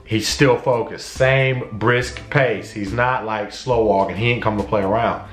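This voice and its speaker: A man's voice: fairly low pitch, unhurried, faint music behind. Man telling a story, echoey room. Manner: animated, acts out his own shouts and dialogue. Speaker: vlogger. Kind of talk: casual storytelling.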